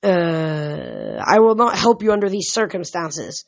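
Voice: medium pitch, huge pitch swings, a little slow, vocal fry, exaggerated voice. A reader voicing a young female tree nymph who is crying and sniffling as she pleads, in an audiobook. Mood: tearful. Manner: sniffling, pleading, then defiant. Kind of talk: audiobook reading.

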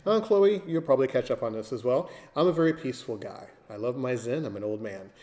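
A man's voice: mid-range voice, lively intonation, fast, mellow. A man on a casual podcast who talks in a laid-back, joking way.

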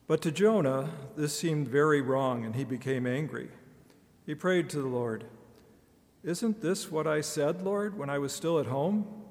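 A man reading scripture aloud to a church congregation, measured and expressive in the quoted speech. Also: medium pitch. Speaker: scripture reader. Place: church sanctuary. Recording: reverberant church hall.

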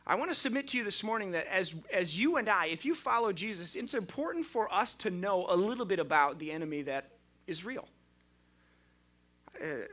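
A male pastor with a high voice and sharp tone preaches a sermon in a conversational, storytelling style, often restarting his sentences.

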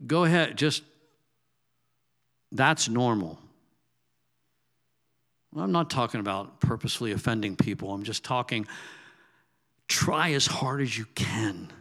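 A man preaching a sermon in a conversational way, asking the congregation direct questions and swinging between loud emphatic bursts and soft, low asides. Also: expressive, unhurried, pauses often. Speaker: pastor.

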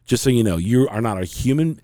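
A man's voice: mid-range voice, animated, a little fast, dark tone, no room sound, clean studio sound. A middle-aged man hosting a casual talk show, telling a story in a frank, rambling way with many restarts. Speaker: podcast host.

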